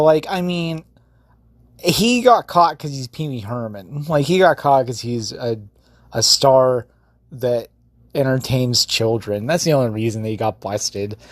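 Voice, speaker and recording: A man's voice: mid-range voice, no echo, clean studio sound. A man rambling through a casual, profane, giggly story in a phone voice message. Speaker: vlogger.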